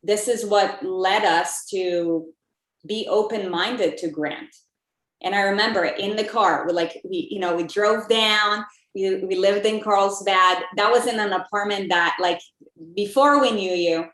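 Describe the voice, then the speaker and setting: A woman sharing reflections as a podcast guest, in a mid-pitched voice. She talks casually with fillers. The audio has a roomy, echoey sound. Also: unhurried, fairly bright tone. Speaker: interview guest. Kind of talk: casual interview chat.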